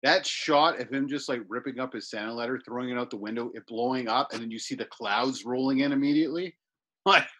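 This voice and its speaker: A man's voice: medium pitch, fast, a bit bright. A man co-hosting a podcast, chatting casually about movies and giving emphatic opinions. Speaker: podcast co-host. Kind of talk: casual movie review chat.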